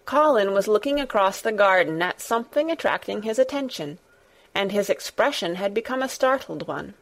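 A woman narrating a classic storybook in a measured, gentle way. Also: mid-range voice, lively intonation. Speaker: audiobook narrator. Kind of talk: scripted narration.

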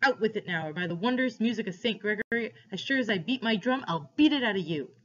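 A woman voicing a big, gruff bearded man who booms stern, mocking questions, in a dull lo-fi recording. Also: lively intonation, fast talker, a bit bright. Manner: booming, demanding questions.

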